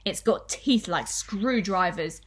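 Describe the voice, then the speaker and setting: A woman voicing a nasty, scheming old man in a storybook reading, slow, sly and menacing. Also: medium pitch, lively intonation, breathy edge.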